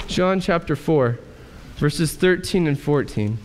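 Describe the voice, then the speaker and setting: A male pastor preaching a sermon in a church, asking rhetorical questions and pausing for effect. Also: on the high side, lively intonation, a little hiss or hum. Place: church sanctuary. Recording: church hall reverb.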